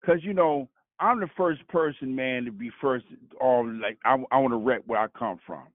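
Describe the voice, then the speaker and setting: This Brooklyn caller's casual testimony keeps stalling into stammered restarts and "you know what I'm saying." His mid-range voice moves at a moderate pace, heard on a dry, tinny phone line with no room sound.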